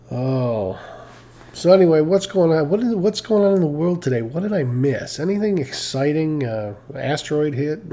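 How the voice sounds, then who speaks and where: A man's voice: medium pitch, gravelly, dark tone, a little hiss or hum. A tired man chatting casually on a live stream, rambling with lots of fillers and restarts, joking about himself. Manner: self-mocking, laughs at own stories.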